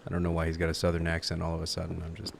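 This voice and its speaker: A male streamer talks casually while playing late at night, tired and a bit loopy. His low, monotone voice is very fast and creaky, rambling with lots of fillers and restarts over background noise.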